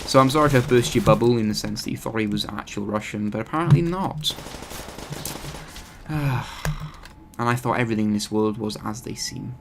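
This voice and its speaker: A man's voice: on the low side, brisk, background noise. A man hosting his gaming channel, giving rambling, chatty live commentary over his gameplay and often correcting himself.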